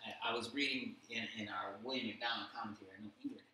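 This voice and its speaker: Bright-voiced man teaching in an echoey room. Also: lowish voice, fast. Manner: animated storytelling with many fillers. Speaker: Bible study teacher. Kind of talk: casual Bible study discussion. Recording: very echoey room, faint background hum.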